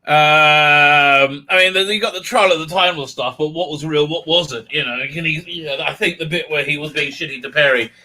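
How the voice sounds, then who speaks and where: A man with a high, very bright voice recaps an episode in a casual review. He rants sarcastically and animatedly, and he breaks into laughter often. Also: moderate pace, few pauses. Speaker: video reviewer.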